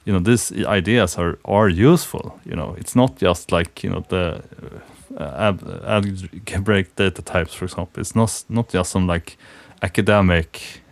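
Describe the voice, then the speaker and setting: Low-voiced guy hosting a coding podcast, hesitant and reflective, dry close sound. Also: moderate pace, vocal fry, dry recording. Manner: thoughtful, hesitant, many fillers and restarts. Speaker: podcast host. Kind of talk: casual technical conversation.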